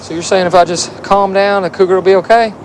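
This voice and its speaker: An actor playing a frustrated, touchy grown son who exclaims in agitation. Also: male voice, high voice, steady tone, fast, a little hiss or hum, natural voice. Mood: panicked. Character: frustrated ex-racer son, high-strung and touchy.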